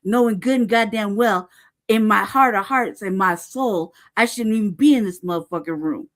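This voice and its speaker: In a mid-range voice at a normal pace, a woman retells events with real anger. It's casual, profane storytelling where she emphasizes each point and often adds "right?" and "cuz".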